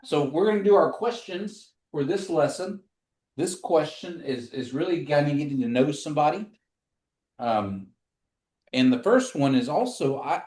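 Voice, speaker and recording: A man's voice: fairly high pitch, a little mellow. Man teaching a class in an echoey room. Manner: patient, slow drilling of words for repetition. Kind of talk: live in-person language lesson. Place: classroom streamed online.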